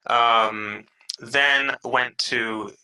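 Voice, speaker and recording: Energetic British male guest, bright voice, mid pitch, chatty and animated. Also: drawn-out words, low-quality recording. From England (London). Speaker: podcast guest. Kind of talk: casual interview chat.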